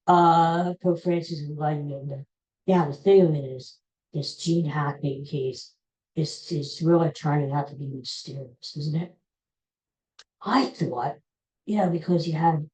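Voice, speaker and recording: A woman's voice: low voice, dark tone. A woman hosting a solo podcast, ranting in a grumbling, indignant way. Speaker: podcast host. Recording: roomy echo.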